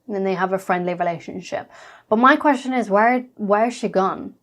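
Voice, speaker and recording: Girl chatting over a reality show, blunt, swears a lot, mid pitch. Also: brisk, a bit bright. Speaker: reaction vlogger.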